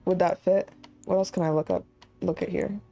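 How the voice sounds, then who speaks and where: Mellow-voiced woman streamer thinking aloud. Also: on the low side, steady tone, moderate pace, vocal fry, dull audio. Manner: chatty, thinking aloud while puzzling. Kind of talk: casual live game commentary.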